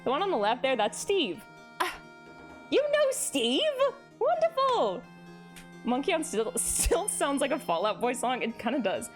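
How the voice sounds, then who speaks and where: A woman's voice: a little high, big pitch swings, normal speed, soft background music. A young woman streaming live, chatting casually, giggling and greeting her viewers as she reads chat.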